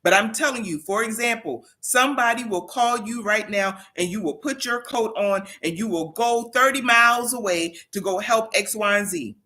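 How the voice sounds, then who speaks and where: A woman's voice: on the high side, normal speed, few pauses, pushed and bright. A woman hosting a motivational livestream, speaking emphatically with preacher-like repetition and talking directly to her viewers. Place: home in South Carolina.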